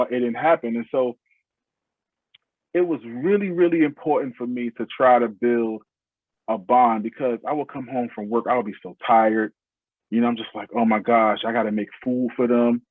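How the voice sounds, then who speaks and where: A man tells his story as a podcast guest in a husky voice, earnest and heartfelt, his phrases starting over as he goes. The sound is thin and phone-like, and dry with no room around it. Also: medium pitch, steady tone, normal speed, no room sound. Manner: earnest, heartfelt, speaks in loose restarting phrases. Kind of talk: casual interview storytelling.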